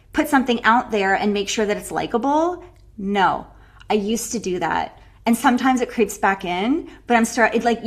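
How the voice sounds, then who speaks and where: A woman breathwork coach giving an animated, casual live online workshop, swearing freely and laughing often. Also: mid-range voice.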